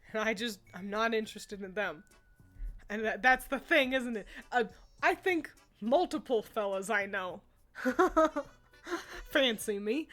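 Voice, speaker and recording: A young woman streamer chats casually with her live chat, giggling and laughing often between remarks and swearing freely. Her voice is fairly high and a bit bright.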